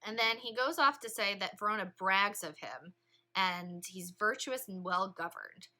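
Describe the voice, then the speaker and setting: A woman teacher leading a read-along literature lesson, explaining in a lively, chatty way. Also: mid-range voice, a little slow. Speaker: English teacher.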